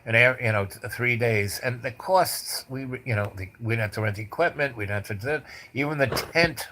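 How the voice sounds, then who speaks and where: A man's voice: medium pitch, brisk, background noise. Male host, rambling casual storyteller, blunt and loose, mid-range voice. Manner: rambling, with many restarts and asides. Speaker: podcast host.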